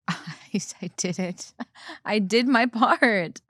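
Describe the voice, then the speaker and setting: A woman's voice: mid-range voice, very slow, fairly bright tone, no echo, studio quality. A woman co-hosting a podcast in casual chat, giggly and rambling as she tells stories. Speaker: guest co-host.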